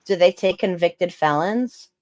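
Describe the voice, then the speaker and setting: A woman's voice: fairly low pitch, measured pace. A woman with a New York accent, co-hosting a casual podcast and telling stories that act out what other people said. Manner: animated storytelling, acting out others' lines, laughing often. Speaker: podcast co-host. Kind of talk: casual chat.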